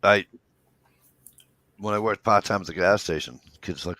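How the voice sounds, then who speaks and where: A man's voice: deep voice, moderate pace, long pauses, pushed and bright, no room sound, clean studio sound. A man in his fifties in rambling casual chat, swearing freely as he tells stories. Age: 50s. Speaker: podcast co-host.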